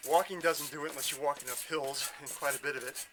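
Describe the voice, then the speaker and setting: A man's voice: on the high side, fairly even intonation, quick pace, background noise. A man demonstrating a workout outdoors, chatty and self-mocking, talking through the exercises while out of breath. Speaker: fitness instructor. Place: outdoors at a house in the woods. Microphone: filmed by a camera operator.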